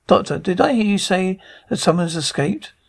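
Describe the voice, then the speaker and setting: A man's voice: sits high, animated, normal speed, vocal fry, full character voice. A man voicing an eccentric traveller who presses his demands with moral outrage, read from a script. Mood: indignant. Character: indignant eccentric male time traveller.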